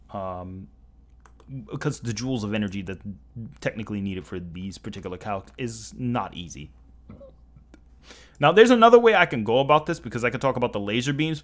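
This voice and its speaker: Male streamer, lowish voice, casual and rambling, stops to correct himself, keys clacking behind. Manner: rambling, self-correcting, working through math aloud. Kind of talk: casual livestream commentary.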